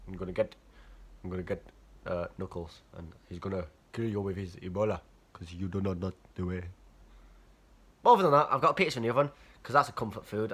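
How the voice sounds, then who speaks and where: Holding the camera in his student-house bedroom, this young man vlogs while sick with a cold, chatting loosely and cursing without restraint. His voice sits lowish and has a slightly bright quality.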